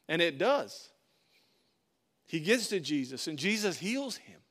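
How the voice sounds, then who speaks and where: A man's voice: a little high, sing-song, measured pace, long pauses, fairly bright tone. A male pastor preaching a sermon, emphatic and direct, often repeating his phrases.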